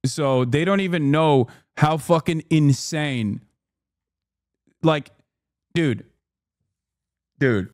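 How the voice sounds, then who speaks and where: A man commentating on news clips during a live stream, swearing freely and reading passages aloud in a casual, animated way. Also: on the high side, dry recording, studio quality. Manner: profane, animated, reading aloud from a wiki page.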